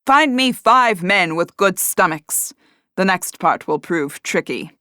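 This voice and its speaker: A woman voicing a bold pirate captain with a deep voice and a confident, commanding manner in an audiobook. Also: animated, slow pace, pushed and bright, no echo, clean studio sound, heavily acted. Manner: assured, commanding.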